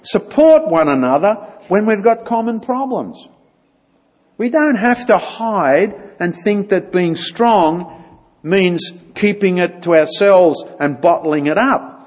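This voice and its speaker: A man's voice: high voice, animated, slow pace, a little mellow, big-room sound. A man giving an informal church talk, chatty and now and then acting out little dialogues. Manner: conversational, acts out little dialogues. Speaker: church speaker.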